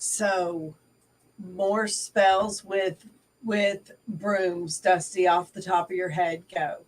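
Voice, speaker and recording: Middle-aged woman chatting on a call, lowish voice, sounds a bit far off from the mic. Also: extremely slow. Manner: chatty, animated storyteller. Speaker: co-host. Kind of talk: casual discussion on a video call. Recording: distant from the mic.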